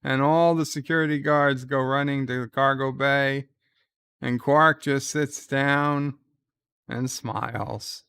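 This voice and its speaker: Male stream host, calm reaction commentary, crisp voice, unhurried. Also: medium pitch, dry recording. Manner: retells scenes, quoting lines in a plain voice; reads out viewer chat messages.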